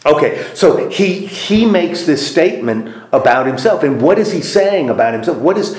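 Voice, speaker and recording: A man's voice: fairly high pitch, animated, moderate pace, darkish tone. A man leading a group Bible study in a church meeting room, putting questions to the group and repeating their answers. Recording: roomy echo.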